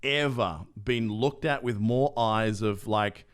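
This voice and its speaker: A man's voice: on the low side, slow, smooth. A man co-hosting a podcast, telling a story casually and acting out the lines of the people in it. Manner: animated storyteller who acts out other people's lines. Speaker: podcast co-host.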